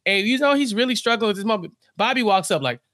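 A man co-hosting a podcast in casual chat, animated and acting out characters' lines as he recaps an episode. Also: high voice, fast talker, no room sound, studio quality. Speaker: podcast co-host.

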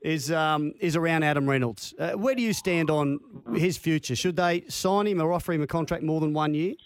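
Australian man, radio host, chatty, folksy, fairly high pitch. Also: fairly quick, clean tone. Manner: chatty, folksy, leads with anecdotes. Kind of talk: casual sports radio interview.

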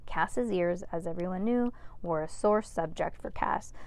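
Brisk woman reading a children's novel aloud. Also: fairly low pitch, dry recording. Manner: brisk and lively, voices each character. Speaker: narrator.

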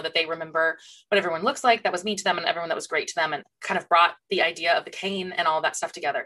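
Fast-talking bright young woman podcaster. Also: fairly low pitch. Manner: animated, many fillers, acts out quotes. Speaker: podcast co-host. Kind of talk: casual chat.

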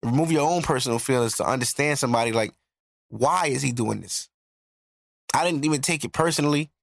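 A man's voice: mid-range voice, a little fast, creaky, no echo. A man in his thirties, a podcast host, telling a personal story in a blunt, profane, reflective way. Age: 30s. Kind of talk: casual storytelling.

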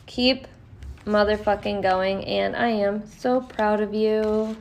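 Slow, gravelly profane tarot-reading woman. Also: mid-range voice, steady tone. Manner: profane, blunt, encouraging. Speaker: tarot reader. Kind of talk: casual tarot reading podcast.

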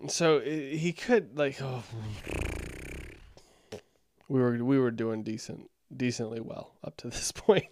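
A man's voice: medium pitch, fairly even intonation, slow, long pauses, noisy background. A man giving casual, critical commentary on a sermon, thinking aloud and reading passages. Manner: critical, wry, thinks aloud, reads scripture aloud. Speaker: sermon reviewer.

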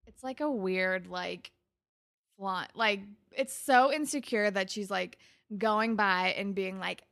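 A young woman with a gravelly, fry-heavy voice talks through a TV episode in loose, sarcastic chat full of "like". The sound is dry and close, with no room around it. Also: medium pitch, takes it slowly, fairly bright tone, no room sound. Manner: chatty, sarcastic, heavy use of "like". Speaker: podcast co-host. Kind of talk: casual chat recapping a TV episode.

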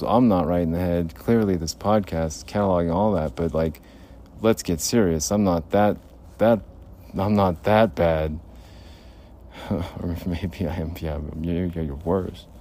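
A man's voice: low voice, warm tone, slight background noise. A man recording a rambling podcast monologue on his phone in an outdoor parking lot at night, muttering and talking to himself in a paranoid way. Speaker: podcast host.

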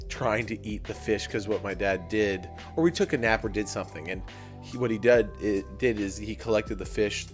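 A young man with a lowish voice tells a story on a casual podcast, acting out his younger self in animated bursts. Faint music plays quietly beneath the talk. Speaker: podcast co-host. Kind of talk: casual chat.

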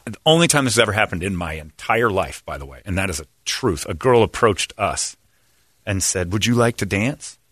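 A man in his forties, a radio show host, telling casual stories on a podcast and breaking into loud high impressions and shouts. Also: no echo, studio quality. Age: 40s.

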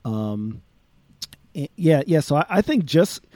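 A man on a podcast panel talks through his thoughts in a loose, rambling way. His voice is mellow and darkish, and the sound is dry with no room around it. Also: on the high side, big pitch swings, slow, no room sound. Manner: rambling, many restarts and fillers. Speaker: podcast co-host. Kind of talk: casual podcast chat.

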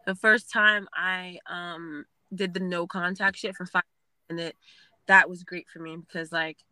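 A woman's voice: lowish voice, measured pace, no room sound, low-quality recording. A young woman telling a story bluntly, with plenty of swearing. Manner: blunt, profane, animated. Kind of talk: casual storytelling.

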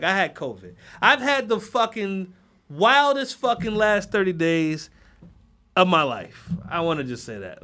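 A man's voice: high-pitched, fairly bright tone. A man hosting his own podcast, ranting heatedly with lots of profanity. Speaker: podcast host. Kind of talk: solo podcast rant.

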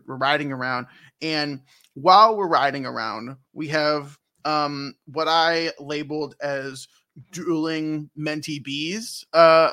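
A young man with a higher, pushed, bright voice co-hosts a casual podcast, recapping a game. He rambles and jokes, laughing frequently.

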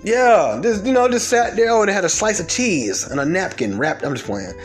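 A man telling stories and ranting in a blunt, profane, fast-talking way. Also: sits high, big pitch swings, soft background music. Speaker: storyteller. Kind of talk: comedic storytelling rant.

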